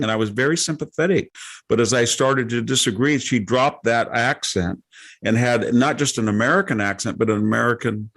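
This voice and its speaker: A man's voice: medium pitch, brisk, a bit bright. A man hosting a podcast, telling a rambling anecdote with frequent asides and self-interruptions. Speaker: podcast host.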